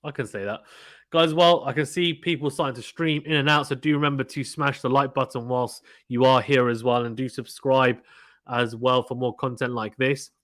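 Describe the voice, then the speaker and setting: A man in casual watchalong mode, talking to his chat in a mid-pitched voice and often repeating himself. His voice is recorded close and dry, with no room sound, like a desk microphone at home. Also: fairly even intonation, normal speed, fairly bright tone, dry recording. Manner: chatty, repeats himself, talks to chat viewers. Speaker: live stream commentator.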